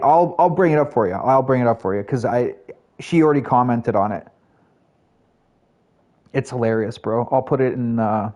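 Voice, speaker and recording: Mellow-voiced male streamer chatting. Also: mid-range voice. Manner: chatty, rambling, talks to chat, frequent fillers. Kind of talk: casual live-stream chat.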